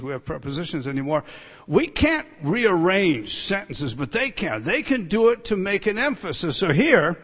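A high-pitched man preaches with heavy emphasis, punching key words and then sinking into hushed asides. His voice rings through a large hall with a long reverb tail. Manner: emphatic, drops to quiet asides. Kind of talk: expository sermon.

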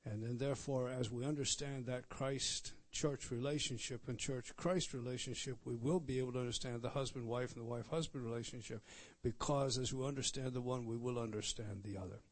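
A man's voice: medium pitch, fairly even intonation, a little fast. A man, a pastor preaching a sermon as he walks through a text, repeating words and stressing key points. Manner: repetitive, emphatic teaching, pointing out words on a text. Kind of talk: expository sermon.

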